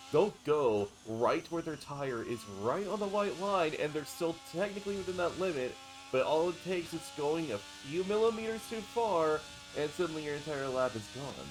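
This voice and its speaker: Man with a stuffy, congested voice. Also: on the high side. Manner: explanatory, steady analysis. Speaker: esports commentator. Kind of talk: live sim racing commentary.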